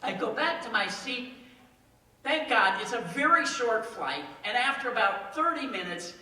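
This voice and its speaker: A man telling a comic story live on stage, with deadpan timing and wry asides. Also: extremely high pitch, measured pace. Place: stage in a hall before an audience. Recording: echoey hall, mic far off.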